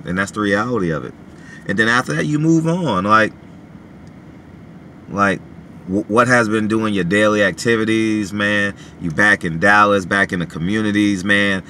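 A man vlogging casually from his parked car, animated and full of filler phrases like "you know what I mean". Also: fairly low pitch, moderate pace, slight background noise. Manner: animated, many filler phrases, repeats himself. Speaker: boxing vlogger. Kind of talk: casual talk to camera.

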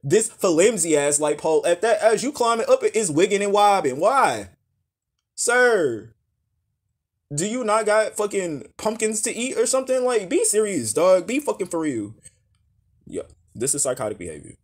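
A man giving a profane comedic rant as a reaction commentator, loud and exasperated. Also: sits high, very animated, moderate pace. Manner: loud, exasperated, heavy cursing.

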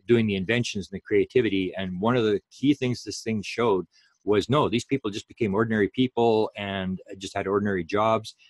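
Male lecturer, low-pitched, dry close-mic sound, talks in loose restarts. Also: no echo. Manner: rambling, many fillers and restarts. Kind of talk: public lecture.

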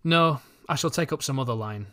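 A man voicing a thin, money-minded schoolboy who talks calmly and deliberately. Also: mid-range voice, natural voice. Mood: calculating. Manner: calm, calculating, deliberate.

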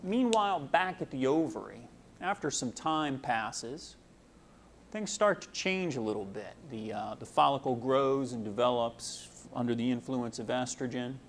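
A young man walks through a lesson in a relaxed, conversational way, reaching for everyday comparisons. His voice sits at an ordinary middle pitch and is broken up by frequent "uh" pauses. A faint hiss sits under the recording. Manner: casual, uses homely analogies, frequent "uh". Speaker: medical student presenter. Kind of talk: explanatory lecture.

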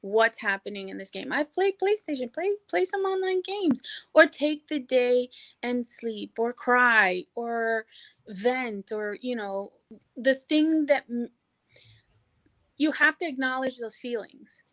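A middle-aged woman speaking as a guest on an interview show, energetic and encouraging, with lots of "you know" fillers. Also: on the high side, slow pace, dry recording. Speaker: podcast guest, hospitality professional. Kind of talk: casual interview chat.

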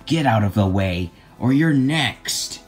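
A man voicing a cruel male dinosaur monster in a plush toy play, delivering slow, drawn-out threats. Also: mid-range voice, animated, soft background music, voice pushed down. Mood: menacing.

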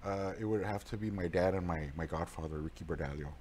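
A man answering interview questions in a halting way, often repeating words as he searches for them. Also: low-pitched, a little mellow. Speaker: political candidate.

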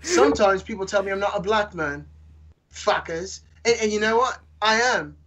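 Male podcaster, high husky voice, jokey mock-British delivery. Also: lively intonation, normal speed, a bit bright, low-quality recording. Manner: jokey, hammy, puts on a mock British accent. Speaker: podcast guest host. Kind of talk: casual podcast chat.

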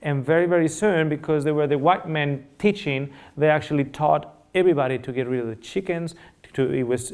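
A man's voice: mid-range voice, a little mellow, clean tone. A middle-aged man whose first language is Spanish, giving a public nutrition lecture in earnest storytelling style, repeating phrases and checking in with the audience.

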